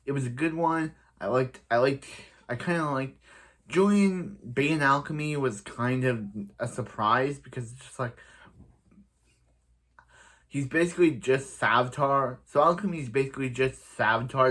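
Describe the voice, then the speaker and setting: A man's voice: mid-range voice, normal speed, a bit bright. A man casually recapping a TV episode for his review channel, rambling with frequent restarts.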